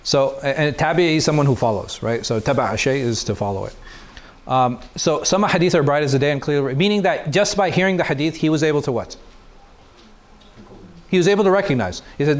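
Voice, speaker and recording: Male teacher, fairly high voice, explanatory lecture style that keeps questioning the class. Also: quick pace. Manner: explanatory, asks the class questions and answers them. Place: mosque classroom.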